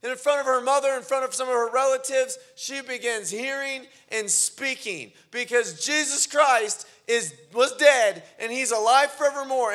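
A male pastor delivering a sermon to a congregation. His voice sits high and sounds bright and forceful. He moves from quiet storytelling to fervent, emphatic preaching.

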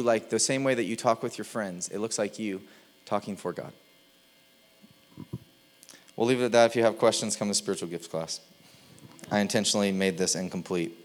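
Casual, animated male pastor. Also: on the low side. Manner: conversational, animated preaching with playful impressions. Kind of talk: sermon.

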